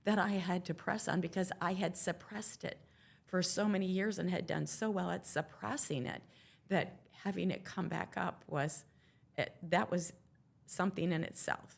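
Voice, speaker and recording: A woman's voice: on the low side, vocal fry. An older woman, a guest on an interview podcast, telling her own story in an earnest, reflective way and quoting past conversations.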